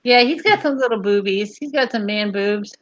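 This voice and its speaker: A woman's voice: medium pitch, moderate pace, fairly bright tone, dull audio. A woman chatting casually with friends, joking and laughing often, slipping into silly put-on accents. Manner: giggly, joking, puts on silly mock accents. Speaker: show host. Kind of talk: casual chat among friends.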